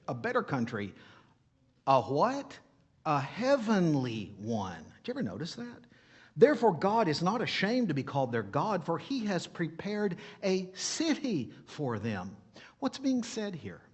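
A man's voice: on the high side, breathy edge. A man with a foreign accent preaching a sermon. He keeps asking his listeners questions and then answering them himself. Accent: non-native English. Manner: animated, asks the congregation questions and answers them.

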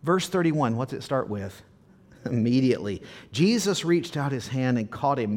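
A man's voice: mid-range voice, animated, normal speed, darkish tone. A male pastor giving a sermon to a live congregation, preaching conversationally, asking the audience questions and acting out scripture quotes with drama. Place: church service before a congregation.

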